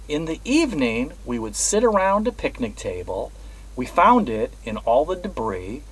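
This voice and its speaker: A man hosting his own vlog, telling a personal story in a measured, earnest way. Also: mid-range voice, breathy edge, low-quality recording. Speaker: host. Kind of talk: reflective personal vlog monologue.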